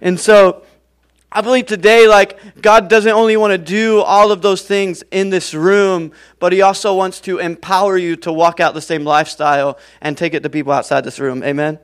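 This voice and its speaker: High-voiced, clear young male preacher. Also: fairly even intonation, moderate pace. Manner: casual, chatty, frequent fillers and laughs. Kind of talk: sermon.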